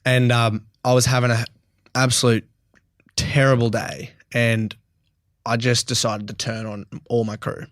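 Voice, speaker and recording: A man's voice: medium pitch, level tone, a little slow, a bit bright, no echo, studio quality. Australian young man telling a raw story. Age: 20s. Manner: blunt and emotional, swears freely, laughs often. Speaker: guest. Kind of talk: candid podcast interview.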